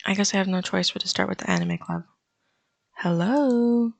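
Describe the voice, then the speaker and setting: A woman's voice: fairly low pitch, sing-song, fast, gravelly, a bit bright. A woman hosting a gaming channel, reading a visual novel's narration aloud with dry, wry asides.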